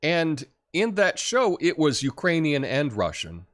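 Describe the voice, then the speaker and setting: A man's voice: fairly high pitch, wildly swooping pitch, measured pace, a bit bright. A middle-aged man hosting a solo political commentary show, talking in a chatty, opinionated way with many fillers and little chuckles.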